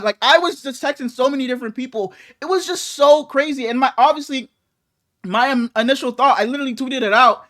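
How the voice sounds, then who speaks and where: A man co-hosting a sports podcast, telling an excitable story full of swearing and quick restarts. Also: extremely high pitch. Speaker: podcast co-host. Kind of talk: casual sports podcast chat.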